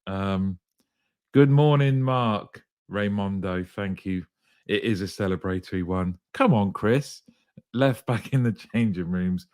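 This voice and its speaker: A man's voice: fairly low pitch, takes it slowly, darkish tone, no echo, studio quality. Upbeat man hosting a live show. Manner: upbeat, greets viewers by name, jokey. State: slightly croaky throat. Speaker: host. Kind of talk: live show chat reading comments.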